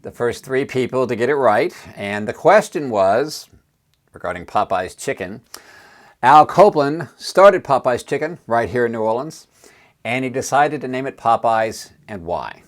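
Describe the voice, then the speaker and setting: A man's voice: mid-range voice, animated, normal speed. A man giving a casual, emphatic lesson on negotiation for claims professionals. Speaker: negotiation trainer. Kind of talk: instructional talk to camera.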